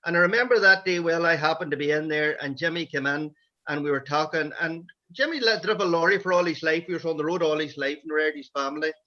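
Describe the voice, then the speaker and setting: Donegal Irish man, high and bright, anecdotal storyteller, lo-fi call audio. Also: fast talker. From Ireland. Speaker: men's shed member. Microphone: video call. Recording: dull lo-fi video call audio.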